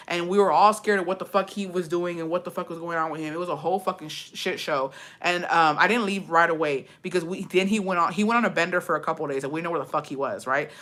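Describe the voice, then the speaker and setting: A young woman telling a story in a casual vlog, swearing freely and acting out the voices of the people in it. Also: lowish voice. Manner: profane, animated storytelling, drifts into Spanish words.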